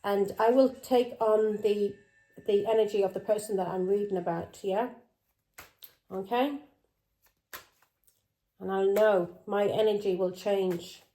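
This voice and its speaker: A woman's voice: medium pitch, fairly even intonation, measured pace, long pauses, dark tone, rough recording. A woman giving a tarot reading in a confrontational, accusing tone who keeps breaking in with "Yeah?". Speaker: tarot reader.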